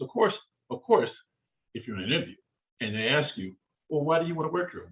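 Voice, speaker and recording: A man giving a live career seminar in an energetic, emphatic way, driving points home with short repeated phrases. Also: fairly high pitch, normal speed. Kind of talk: motivational seminar talk. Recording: phone-like narrow band.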